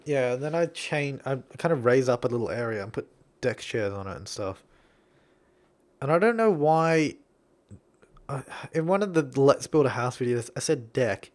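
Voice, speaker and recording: A man's voice: medium pitch, darkish tone. A young man giving casual, rambling gameplay commentary over a house-building video, drifting into tangents. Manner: rambling, chatty, goes off on tangents. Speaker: YouTuber.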